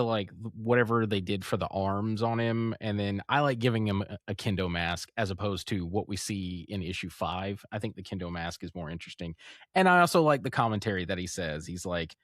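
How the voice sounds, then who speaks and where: Low-voiced man chatting about comics. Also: normal speed, dry recording, studio quality. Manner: animated retelling, acts out quotes, laughs often. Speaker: podcast co-host. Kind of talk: casual comic review chat.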